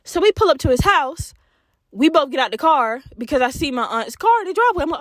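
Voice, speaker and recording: Woman podcast host, young, high-pitched, dry booth sound; brash, profane storyteller who addresses the audience. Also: quick pace, no echo. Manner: profane, animated, talks straight to listeners. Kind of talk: casual storytelling. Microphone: podcast mic.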